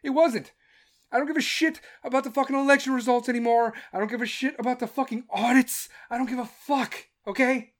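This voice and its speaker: A woman's voice: sits high, fairly even intonation, brisk. A woman in her thirties giving an angry, sarcastic political rant full of swearing and mocking put-on voices. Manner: mocks others in put-on voices. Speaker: political commentator.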